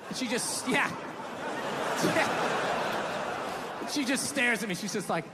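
A man's voice: very high-pitched, lively intonation, a little slow, long pauses, heavy background noise. A male stand-up comedian ranting and swearing, telling exasperated stories to a live audience. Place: large comedy venue. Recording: live hall with crowd laughter.

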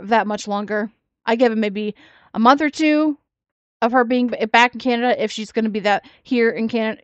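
A woman's voice: mid-range voice, clear, resonant tone, dry recording. A woman giving sassy, mocking reaction commentary on another creator's video. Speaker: commentary YouTuber.

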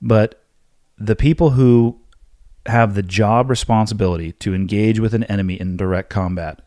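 A man hosting a solo podcast, answering listener questions in a blunt, forceful, lecturing way. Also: on the low side, no room sound, clean studio sound. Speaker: podcast host.

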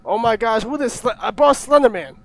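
A man's voice: very high-pitched, expressive, a little fast, gravelly, a bit bright, no echo. A young man nervously commentating a horror game, jumpy, often swearing and yelping. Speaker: gaming YouTuber.

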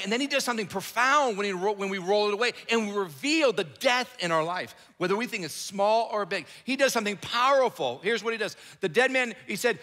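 A man's voice: high-pitched, lively intonation, fairly quick, few pauses, sharp tone. A middle-aged man preaching a sermon as a pastor, conversational and joking, acting out the Bible characters as he tells the story. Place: church sanctuary. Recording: echoey hall, long reverb.

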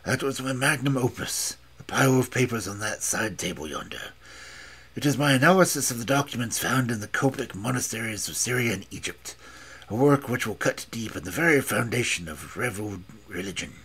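A man's voice: mid-range voice, lively intonation, fairly quick, a bit bright, slightly rough, voice pushed down. A man voicing an elderly invalid scholar who speaks in a precise, mincing, plaintive way. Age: older. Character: elderly male invalid scholar, chain-smoking, fussy.

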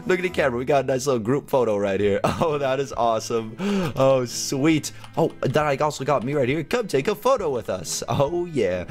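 Young male gaming host, chatty and given to laughs, with a bouncy pitch and faint music playing underneath. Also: lively intonation, a little fast. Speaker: gaming YouTuber. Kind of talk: casual gameplay commentary.

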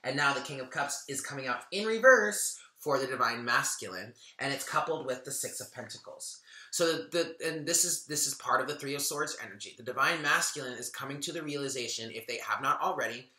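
A man's voice: medium pitch, animated, brisk, bright, forceful tone, echoey room. A man giving a casual tarot reading, chatty and earnest, thinking aloud as he goes. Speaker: tarot reader.

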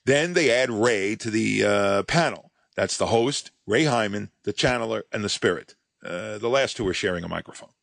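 A man's voice: fairly low pitch, expressive, moderate pace, creaky, fairly bright tone, dry recording. A male podcast host delivering a scripted monologue as a sardonic, mocking storyteller.

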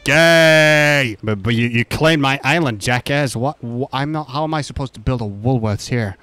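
A man's voice: mid-range voice, fairly quick, a bit bright, soft background music. A man doing joking, profane gameplay commentary, rambling and goofy as he plays. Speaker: gaming YouTuber.

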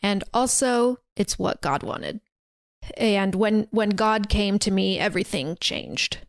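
A woman voicing a stern, devout young female carer in a film recap, flat and earnest. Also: mid-range voice, slow pace, gravelly, no room sound, studio quality.

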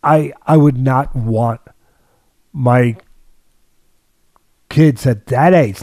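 Older man, dark voice, emphatic boxing talk. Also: medium pitch, extremely slow, pauses often, dry recording. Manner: repetitive, emphatic, restarts sentences. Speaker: boxing trainer and podcast host. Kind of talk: casual sports talk.

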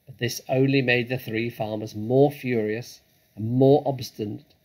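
A man reading a children's story aloud in a dramatic, measured way. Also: medium pitch, fairly even intonation, a little mellow, rough recording.

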